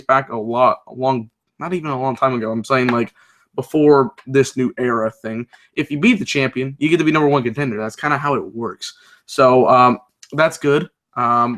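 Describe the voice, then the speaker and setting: A young man talks through a wrestling episode in a loose, rambling way, with plenty of ums and asides. His voice is bright and forceful and sits in a middle pitch. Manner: loose, rambling, many fillers, reads live chat aloud. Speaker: wrestling show reviewer. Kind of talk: casual recap and commentary.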